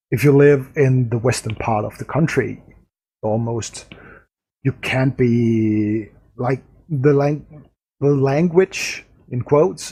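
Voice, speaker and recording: Husky-voiced Danish host. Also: male voice, mid-range voice, dark tone. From Denmark. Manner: hesitant, searching for words. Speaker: podcast host. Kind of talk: casual interview chat.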